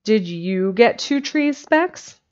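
A scrappy, boastful country boy, as a woman reads him aloud, full of rough slang and ready threats. The recording is slightly muffled and lo-fi. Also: fairly high pitch, lively intonation, slow pace. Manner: rough slangy boyish speech.

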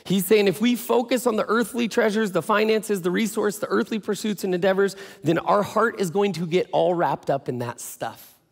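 A man's voice: high voice, normal speed, gravelly. A male pastor giving a sermon in a casual, joking storytelling way. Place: church. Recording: echoey church hall.

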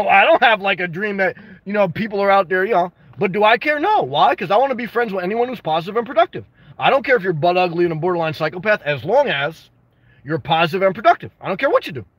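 A man hosting a casual livestream, answering viewer comments with blunt, jokey advice and bursts of excitement. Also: high voice, breathy edge, no echo, lo-fi sound. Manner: reads and responds to viewer comments. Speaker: livestream host answering chat.

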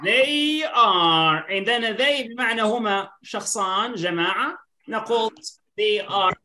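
Bright-voiced woman teaching online. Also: mid-range voice, brisk, a little hiss or hum. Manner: mixes English and Arabic, asks "right?" constantly. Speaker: English teacher.

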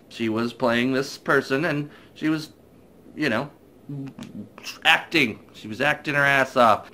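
A man's voice: medium pitch, pushed and bright. A man chatting casually through a spoiler-filled movie review, retelling scenes in a rambling way.

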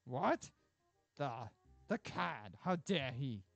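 A man's voice: on the high side, big pitch swings, a little slow, dry recording, faint music behind, full character voice. A man voicing a vain, pompous male villain with theatrical, posh-sounding outbursts. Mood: indignant.

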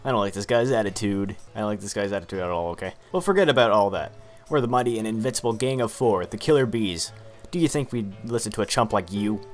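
A man's voice: on the low side, animated, fast, faint music behind, natural voice. A man doing a brash gang-leader kid. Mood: taunting. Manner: swaggering, taunting.

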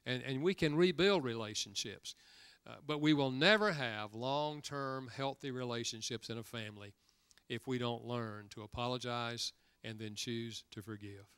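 A man's voice: mid-range voice, moderate pace, fairly bright tone, smooth, no room sound. An older man preaching a sermon, telling a story in a folksy way and acting out the dialogue with rising emphasis. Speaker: guest preacher.

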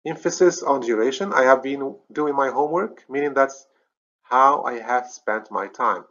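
A man's voice: mid-range voice, normal speed, a bit bright, dull audio. A man with a Moroccan accent teaching a recorded grammar lesson, explaining step by step, often checking "okay?" and correcting himself. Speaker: English teacher.

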